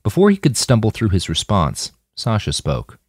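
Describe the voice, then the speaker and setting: A man narrating his own fiction with an expressive reading. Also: lowish voice, normal speed, slightly rough, no echo, studio quality. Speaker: author and narrator.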